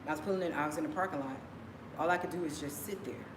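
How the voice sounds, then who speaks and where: A woman's voice: deep voice, quick pace. Woman rambling through a story, echoey room. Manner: rambling, repeats phrases, emotional retelling. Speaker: vlogger. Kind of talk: casual personal storytelling. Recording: echoey room with background noise.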